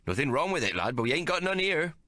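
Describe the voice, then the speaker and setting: Man doing a gruff landlord, curt, dismissive, raised pitch. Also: very animated, quick pace, bright, forceful tone, no echo, clean studio sound. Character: gruff adult male grog-shop landlord. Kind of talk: audiobook character voice.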